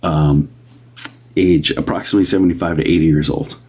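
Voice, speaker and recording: A man's voice: extremely low pitch, fairly even intonation, brisk, husky. A man doing live medium readings, chatting casually with viewers, sometimes whispering and greeting them upbeat. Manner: drops to a soft whisper at times. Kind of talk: casual livestream chat.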